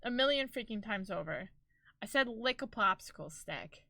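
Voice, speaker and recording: A woman streaming live and chatting casually to her viewers, expressive and quick to laugh. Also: medium pitch, gravelly, no echo.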